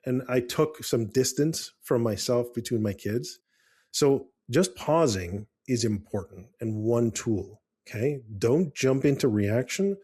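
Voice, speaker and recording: A middle-aged man co-hosting a parenting podcast, talking calmly and earnestly, telling personal stories with frequent restarts. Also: mid-range voice, unhurried, slightly rough. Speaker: podcast co-host. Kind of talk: casual podcast chat.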